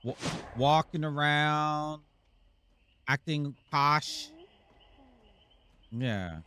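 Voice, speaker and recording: Male streamer, bright lively voice, slow unhurried teasing banter with chat. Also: fairly high pitch, smooth. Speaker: live-stream gamer host. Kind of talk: casual live-stream chat to viewers.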